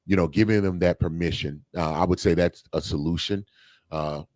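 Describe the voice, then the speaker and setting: A man's voice: sits low, fairly even intonation, moderate pace, darkish tone. A man co-hosting a podcast, talking things through in a casual, thoughtful way with fillers and restarts. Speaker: podcast co-host. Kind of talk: casual discussion.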